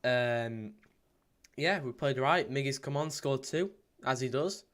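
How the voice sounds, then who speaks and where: A man hosts a live watchalong stream in a clear, resonant voice of middling pitch. He rambles casually between viewer comments and match play-by-play, dotted with ums and restarts. When the chances come, he rushes into quick, excited calls. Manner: bursts into excited play-by-play at goals.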